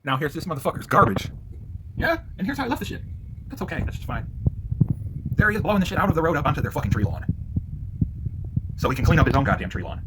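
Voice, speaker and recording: A worked-up man ranting in a profane vlog, swinging between loud outbursts and low muttering. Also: very animated, fast, long pauses, heavy background noise. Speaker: vlogger.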